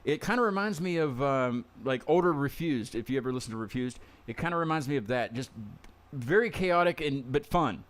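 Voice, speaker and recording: A man's voice: mid-range voice, animated, a little fast. Rambling podcast host, man. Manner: rambling, stumbles and repeats words, laughs often. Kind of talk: casual interview chat.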